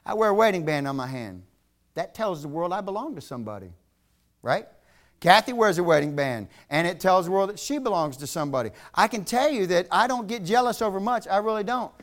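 A man's voice: high-pitched, animated, fairly quick. A middle-aged man preaching a revival sermon, moving between folksy storytelling and emphatic preaching.

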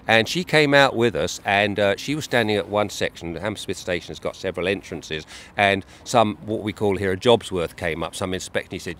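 A man's voice: on the low side, expressive, brisk, few pauses, a bit bright. A man chatting casually, telling stories of street preaching with frequent laughs and fillers. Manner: chatty storyteller, laughs often, many "uh" fillers. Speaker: co-host recounting street preaching trips. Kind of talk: casual chat.

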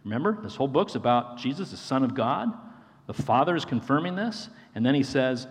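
A man's voice: medium pitch, big pitch swings, fairly quick. Earnest male pastor in a reverberant hall. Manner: earnest, repeats phrases for emphasis, addresses listeners as friends. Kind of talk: sermon.

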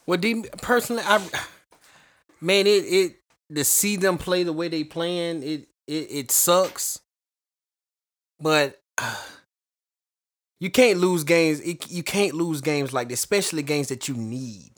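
Brief: hesitant male co-host, somewhat high voice, halting delivery. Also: fairly bright tone. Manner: halting, hesitant, many restarts. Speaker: sports show co-host. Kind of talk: casual sports talk.

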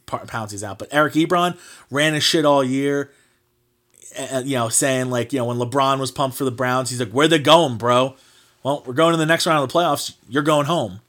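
A man hosting a casual sports podcast, talking at an ordinary middle pitch. He rants in a heated, mocking way and swears freely. His sentences are loose and packed with fillers. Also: fairly bright tone. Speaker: podcast host.

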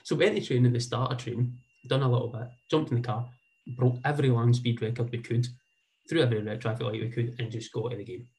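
Earnest Scottish man with a mellow voice. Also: medium pitch, steady tone, fast, rough recording. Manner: rambling, repeats words, earnest. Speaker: speaker sharing a personal story. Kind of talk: heartfelt personal storytelling.

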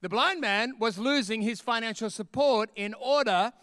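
High-voiced, emphatic male preacher. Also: normal speed, no room sound, studio quality. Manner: animated, emphatic preaching with repeated lines. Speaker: pastor. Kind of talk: sermon. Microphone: camera with a close mic.

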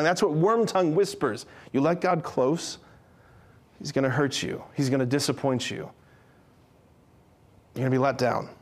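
Animated high-voiced man teaching. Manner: animated, acts out quotes, jokes with audience. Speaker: speaker giving a talk. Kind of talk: lively Catholic teaching talk.

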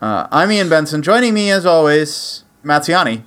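Male podcast host, jokey and animated, a touch high-pitched, swears freely. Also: normal speed. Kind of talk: casual podcast banter.

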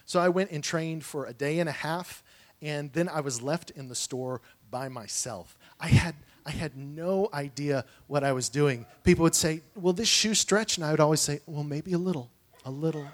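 A man's voice: on the high side, moderate pace. A man telling personal stories in a sermon, earnest and conversational, with frequent restarts and asides. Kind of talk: sermon storytelling.

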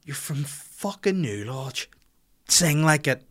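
A man's voice: a little high, animated, takes it slowly, fairly bright tone. A man hosting a podcast, delivering a sardonic, profane comedic rant. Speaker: podcast host.

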